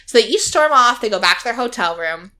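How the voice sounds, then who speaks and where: A woman's voice: on the high side, lively intonation, brisk, sharp tone. A woman co-hosting a casual chat, recapping a reality show with lots of "like" and quoted lines. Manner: chatty storytelling, acting out quotes, frequent "like".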